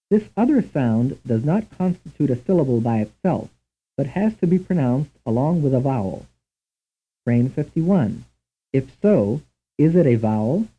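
Male instructor for lesson drills: slow, deliberate delivery with lively pitch, tinny lo-fi tape sound. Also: breathy edge. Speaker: language instructor. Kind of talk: scripted programmed-lesson narration.

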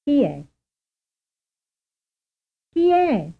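A woman giving short model phrases for a language drill with deliberate, exaggerated intonation. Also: sits high, sing-song, gravelly. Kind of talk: slow repeated drill examples. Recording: tinny narrow-band recording.

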